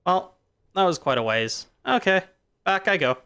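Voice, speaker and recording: A man's voice: sits high, animated, moderate pace, pushed and bright, smooth. A male streamer chatting casually while playing a game, drifting playfully between jokes and musings. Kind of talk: casual rambling chat while gaming.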